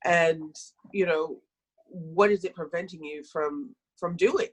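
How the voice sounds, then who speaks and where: A middle-aged woman, a health practitioner, talking on a podcast and telling stories from her practice in a lively, self-correcting way. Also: low-pitched, slow pace, poor audio. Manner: storytelling, animated, self-correcting. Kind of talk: conversational podcast talk.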